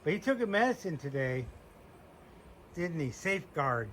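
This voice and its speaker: A man's voice: on the high side, very animated, normal speed, a bit bright, slight background noise. A man walking around his small farm outdoors, chatting casually and talking sweetly to his goats. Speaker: homesteader showing his animals. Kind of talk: casual farm walkthrough vlog.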